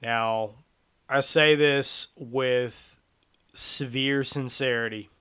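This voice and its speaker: A man holds forth in a political commentary monologue, combative and mocking by turns. He talks straight at his listeners in a voice of ordinary middle pitch. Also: steady tone, drawn-out words, fairly bright tone, clear, resonant tone. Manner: combative, sarcastic, addresses listeners directly. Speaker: tracking instructor.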